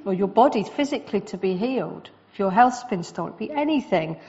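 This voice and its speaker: A woman preaching a sermon in a lively, conversational way, with quick asides to the congregation. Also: mid-range voice, dull audio.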